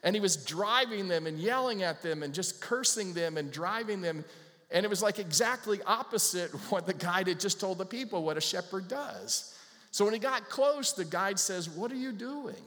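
A man preaching a sermon as pastor, animated, acting out little voices and putting questions to the congregation. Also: a little high. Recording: long hall reverb.

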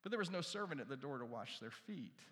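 Male pastor, lively sermon delivery, loud-to-hushed swings, reverberant hall sound. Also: medium pitch, fast. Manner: repeats key phrases, asks the crowd questions. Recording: long reverb from a large hall.

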